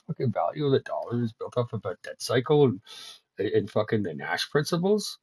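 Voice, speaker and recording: A streamer working on a worldbuilding project talks casually to his stream in a medium-pitched, sing-song, brisk voice with a breathy edge and no room sound. He curses heavily and stammers when worked up, then mutters quietly to himself as he works at his computer.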